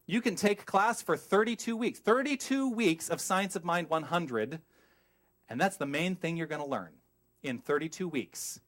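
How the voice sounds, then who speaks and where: A middle-aged man preaching a sermon as a minister, emphatic and animated, putting questions to the congregation and wandering off on tangents. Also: on the high side.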